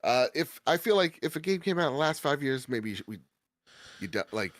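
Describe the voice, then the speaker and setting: A man in casual podcast chat, telling stories in an animated way and jumping into quoted voices. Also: mid-range voice, fairly quick, no room sound.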